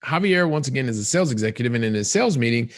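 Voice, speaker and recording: A man's voice: mid-range voice, very fast, no echo. Dry, close-miked man telling a story. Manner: animated, repetitive storytelling with many "and so" links. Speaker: podcast host. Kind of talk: storytelling explanation to guests.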